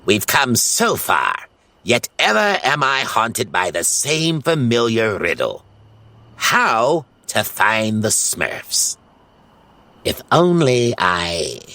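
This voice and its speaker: A man voicing a scheming old male wizard villain in a storybook audio tale, with a theatrical, drawn-out, whiny delivery. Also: mid-range voice, huge pitch swings, bright, forceful tone, no room sound, voice pushed up, exaggerated voice. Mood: brooding. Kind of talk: storybook voice acting.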